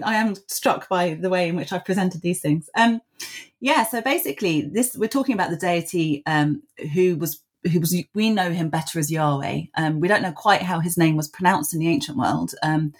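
A woman's voice: on the low side, moderate pace. A woman author and scholar answering interview questions at length, thoughtful, with many ums and small laughs at herself.

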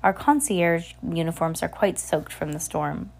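A woman's voice: fairly low pitch, measured pace, vocal fry, darkish tone. A woman doing a polite clever teenage girl.

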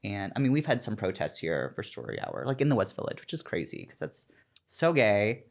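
A man from the American South, a drag performer and a guest in a casual interview, who talks in an animated, chatty way with plenty of "like" fillers. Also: on the low side, fairly quick, gravelly. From Southern United States.

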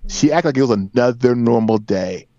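A man's voice: mid-range voice, moderate pace, mellow, dry recording. A man in his forties, a podcast guest, telling a personal story in an earnest, emphatic way with repeated phrases. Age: 40s. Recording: dry, dull lo-fi sound.

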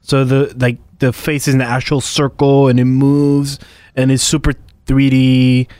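A man's voice: mid-range voice, level tone, unhurried, a little mellow, no echo. A man co-hosting a talk podcast, complaining in an exasperated way. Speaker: co-host. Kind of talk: casual talk show banter.

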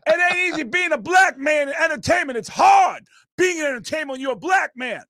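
A man voicing an angry young man who yells indignantly at a crowd. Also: very high voice, lively intonation, a little fast, no room sound, clean studio sound, pitched above the performer's own voice, full character voice. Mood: indignant yelling. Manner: loud, indignant yelling.

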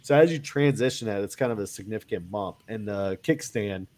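A man's voice: on the low side, a little fast, a little mellow. A man with a cold chatting casually about kayak gear, rambling with lots of fillers and restarts. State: has a cold. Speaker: kayak angler guest. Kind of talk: casual chat.

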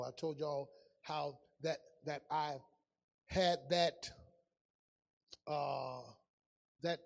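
A male pastor preaching a sermon in a church, telling stories and swinging from loud calls to hushed asides. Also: on the high side, vocal fry, in a large hall. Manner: storytelling preacher, swings from loud to hushed, folksy Southern-style grammar.

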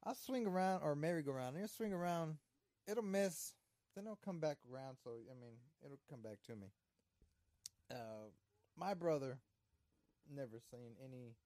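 Rambling, teasing male host for a movie watch-along, swears freely, mellow timbre, dry room. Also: on the high side, normal speed, pauses often, no echo. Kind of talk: casual chat over a movie.

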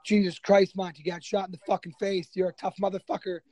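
A man's voice: sits high, level tone, fast, a little mellow, voice pushed up. A man doing a brash, swearing army sergeant. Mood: rough excited. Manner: swearing, blunt. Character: brash excited male army first sergeant.

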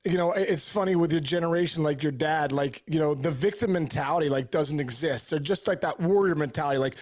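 A man's voice: on the high side, a little fast, hardly any pauses. A man in his forties, a former baseball player appearing as a podcast guest, who talks earnestly and keeps stammering and restarting his sentences. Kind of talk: casual interview chat.

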